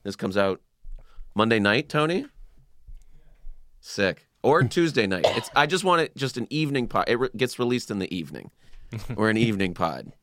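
A man hosting a casual podcast chat with coworkers, easygoing and quick to laugh. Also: fairly low pitch, very animated, a bit bright. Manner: easygoing, laughs often, loose trailing remarks. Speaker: podcast host.

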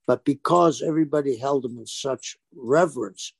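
Ex-wrestler guy telling a story, rough fry in his voice, does all the quotes himself. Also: mid-range voice, normal speed, dry recording. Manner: animated storyteller who acts out quoted dialogue. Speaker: guest, former pro wrestler. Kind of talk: casual storytelling interview.

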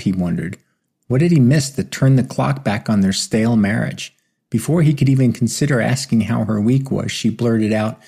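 A man reading an audiobook as narrator, with steady, even storytelling. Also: fairly low pitch, moderate pace, vocal fry, husky. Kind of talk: scripted narration.

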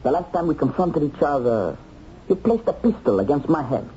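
A pursuer who taunts his captured enemy and chuckles as he talks. His voice is lively in pitch and dark in tone. The old television soundtrack is dull and carries faint hiss. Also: normal speed. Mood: taunting. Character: male hunter of a war criminal, mocking then torn.

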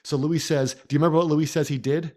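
A man co-hosting a podcast who analyzes a film in a casual way and walks through scenes in lively detail. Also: fairly high pitch, fast. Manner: animated storyteller, recounts scenes in detail. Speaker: podcast co-host.

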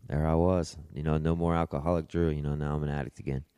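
A young man, a podcast guest, telling his own story in a halting way, repeating words and swearing casually. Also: rumbling low, little pitch movement, warm tone, smooth, no room sound. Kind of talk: personal storytelling.

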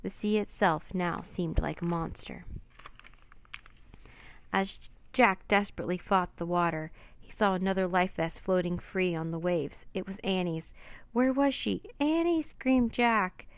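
A woman's voice: fairly low pitch, unhurried, clear, resonant tone, dry recording. Woman reading a children's book aloud. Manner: expressive, dramatic. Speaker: narrator.

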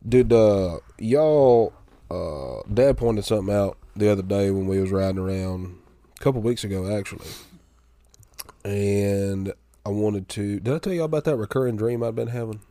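A man, telling a long story in casual podcast chat and acting out both sides of the quarrel in a drawling, deadpan way. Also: lowish voice, moderate pace, dry recording. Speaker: podcast co-host.

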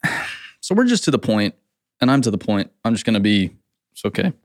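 A man's voice: fairly low pitch, sing-song, a little fast, dry recording, clean studio sound. A man hosting a casual company podcast, speaking bluntly as a founder and repeating his points for emphasis.

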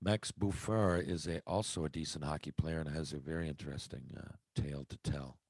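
Podcast host, man, deep, dry close sound, loose and conversational. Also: fairly even intonation, fairly quick, creaky, darkish tone, dry recording. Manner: rambling, conversational, self-interrupting. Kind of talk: casual solo podcast monologue.

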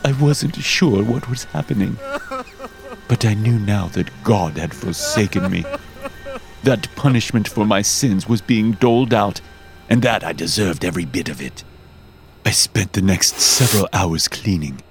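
A man narrating a first-person horror story in a dramatic, expressive way. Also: fairly low pitch, a little slow, vocal fry. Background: music.

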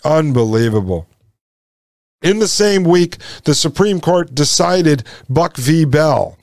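A man hosting a commentary show, talking to listeners with indignation and repeating his points. He slows down and drops low for emphasis. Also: lively intonation, a little mellow, no echo. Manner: indignant, repeats lines, addresses listeners as folks. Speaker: podcast host. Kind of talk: impassioned commentary.

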